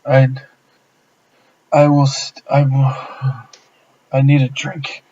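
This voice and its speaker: A man plays a panicked farmer who stumbles over his words. The voice stays flat and slow. It comes through dull lo-fi stream audio. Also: medium pitch, a little hiss or hum, lightly acted. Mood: frantic. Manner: stammering, frantic. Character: panicked male farmer, distraught.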